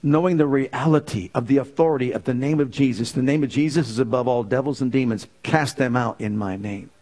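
Preaching, this man swings between fervent outbursts and low, hushed statements. He keeps throwing quick rhetorical questions at his audience.

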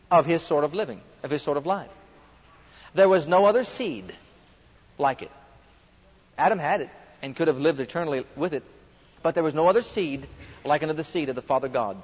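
Fervent high-voiced preacher in a reverberant hall. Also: male voice, husky. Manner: fervent, rising to emphatic bursts, reads scripture aloud. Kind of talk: sermon. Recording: long hall reverb, dull lo-fi sound.

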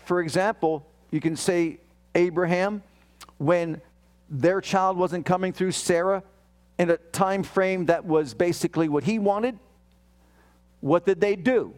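A male preacher with a slightly high-pitched voice delivers an emphatic sermon. He reads scripture aloud, acts out the prayers he quotes, and keeps questioning his listeners. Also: darkish tone.

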